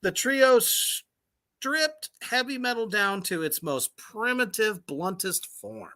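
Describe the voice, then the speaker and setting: A sarcastic woman co-host reads and tears apart a music list in casual, profane chat. Her voice is bright and swoops up and down. She takes her time and laughs easily. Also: medium pitch, sing-song, takes it slowly. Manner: sarcastic, swears freely, laughs often.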